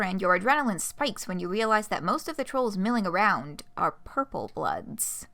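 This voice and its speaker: A woman streamer reads the narration of a visual novel aloud in a steady storytelling way. Her voice sounds bright and lively, with a wide, animated pitch range. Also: vocal fry. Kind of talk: reading game narration aloud.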